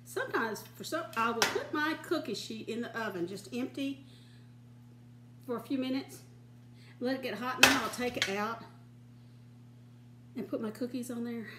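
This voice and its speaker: A woman's voice: a little high, normal speed, pauses often, echoey room, heavy background noise. An older woman hosting a home cooking show, chatting in a folksy way and giggling often. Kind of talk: casual home cooking demonstration. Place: home kitchen.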